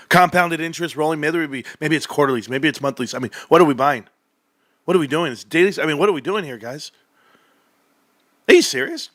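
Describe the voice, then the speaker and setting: A man hosting his own stock market stream, ranting and laughing, swearing often and swinging between loud outbursts and muttered math. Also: fairly high pitch, no room sound, studio quality. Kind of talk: excited livestream rant.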